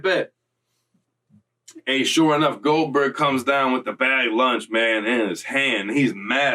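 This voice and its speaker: A man hosting his own vlog, telling prison stories in slangy, profane, animated casual talk. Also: medium pitch, recorded from a distance. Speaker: vlog host. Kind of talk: casual storytelling.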